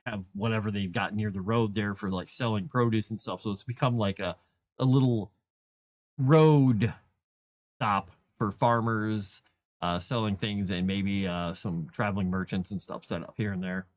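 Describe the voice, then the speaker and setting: A man's voice: lowish voice, moderate pace, no echo. Chatty man thinking aloud on a livestream. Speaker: author livestreaming his writing. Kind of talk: casual livestream chat while writing.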